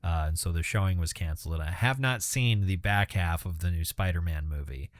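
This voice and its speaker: A man's voice: low-pitched, brisk, no echo, clean studio sound. A man co-hosting a podcast, talking casually and rambling with fillers and restarts. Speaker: podcast co-host. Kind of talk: casual chat.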